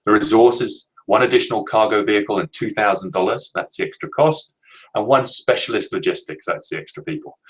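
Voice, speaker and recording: Man, very low voice, webinar trainer, measured and emphatic. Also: rough recording. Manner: measured, emphatic explanations with slow stressed words. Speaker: leadership trainer. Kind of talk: webinar presentation.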